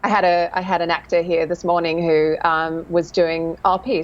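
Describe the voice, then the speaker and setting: A woman's voice: lowish voice, fairly even intonation, moderate pace. A woman dialect coach chatting enthusiastically in an interview, laughing often. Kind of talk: casual interview chat. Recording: dull lo-fi sound.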